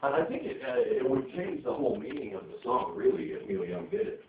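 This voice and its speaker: Guy doing standup, swears a lot, bouncy pitch, tinny echoey recording from far off. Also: sing-song, fairly quick, a little hiss or hum. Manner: rambling, profane, loose with fillers. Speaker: stand-up comedian. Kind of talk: stand-up set. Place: comedy venue stage.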